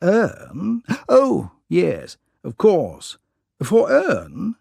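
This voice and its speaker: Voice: mid-range voice, wildly swooping pitch, very slow, gravelly, a little mellow, husky, no echo, voice pushed up, full character voice. The narrator voicing a flustered, easily troubled elderly male aristocrat who sputters indignant questions in an audiobook story. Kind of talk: audiobook character reading.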